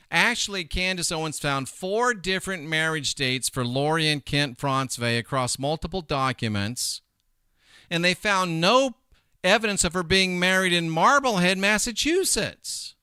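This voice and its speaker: A middle-aged man gives casual commentary with an animated, emphatic delivery that keeps drifting into asides. His voice is bright and smooth, and it is recorded close and dry. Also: fairly high pitch, no echo. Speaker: host.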